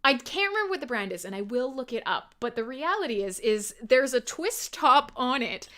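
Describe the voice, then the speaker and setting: Lively, bright-voiced woman radio host. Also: sits high, normal speed. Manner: laughs often, irreverent and swearing. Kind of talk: casual live-stream chat.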